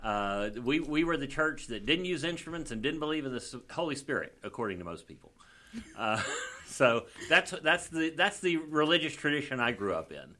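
A Southern-accented man from Mississippi chats on a podcast as a guest. His voice is bright and forceful and sits a little high. He tells animated stories and chuckles through them. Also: moderate pace. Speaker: podcast guest, comedian and attorney. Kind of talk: casual podcast chat.

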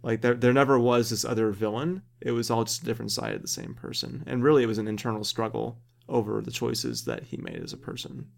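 A man's voice: medium pitch, expressive, fast, gravelly, few pauses. A man hosting a casual podcast discussion, thoughtful and rambling as he lays out his reading of a story. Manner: thoughtful, rambling, laughs easily. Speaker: podcast host.

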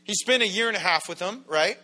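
A man's voice: sits high, animated, a little fast, sharp tone. A man preaching a sermon as pastor in a church, in a conversational, joking way that acts out quoted voices. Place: church sanctuary.

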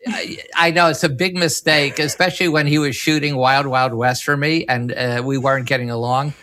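A man with a bright, forceful voice at an ordinary pitch tells long behind-the-scenes stories. He rambles, doubles back and restarts his sentences as he goes. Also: steady tone, normal speed. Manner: rambling, with many restarts and self-corrections. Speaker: filmmaker guest. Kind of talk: anecdotal podcast storytelling.

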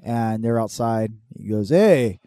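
Mellow-voiced man telling crude stories. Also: medium pitch, no room sound, clean studio sound. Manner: swearing freely, laughing, quick tangents. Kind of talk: casual storytelling chat.

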